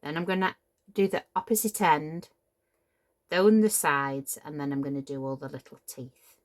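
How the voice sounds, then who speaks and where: Speaking in a low voice with fairly even intonation at a moderate pace, this middle-aged Cheshire woman demonstrates a papercraft build. She's relaxed and talkative, often apologetic, and tends to wander into tangents.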